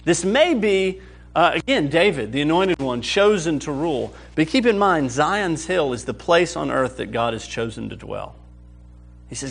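A man's voice: fairly high pitch, normal speed, creaky, faint music behind. Man preaching with acted-out prayers. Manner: animated, acts out quoted prayers, asks the audience questions. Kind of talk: sermon teaching on a psalm.

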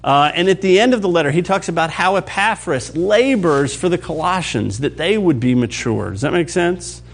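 Guy preaching a sermon, bit higher voice, keeps asking if it makes sense. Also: lively intonation, moderate pace. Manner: conversational teaching, checks in with listeners; varies pace and loudness for emphasis. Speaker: pastor.

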